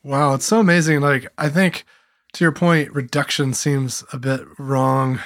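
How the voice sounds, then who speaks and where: A man's voice: medium pitch, fairly even intonation, measured pace, a bit bright. A man interviewing a guest, speaking in a thoughtful way and searching for his words. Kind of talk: interview conversation.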